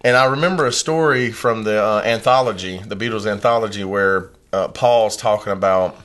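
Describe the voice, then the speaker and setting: A man from Georgia hosting a podcast, telling stories in casual, profane, animated chat. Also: lowish voice, moderate pace. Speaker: podcast host.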